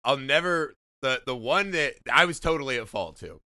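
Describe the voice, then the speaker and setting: A man from Indiana spins a wild story in casual podcast talk, swearing freely and laughing along. His voice is bright and forward, and the recording is dry and close. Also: mid-range voice, moderate pace, dry recording. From Indiana, USA. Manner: profane, animated storytelling with frequent laughs. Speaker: podcast co-host. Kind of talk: casual chat.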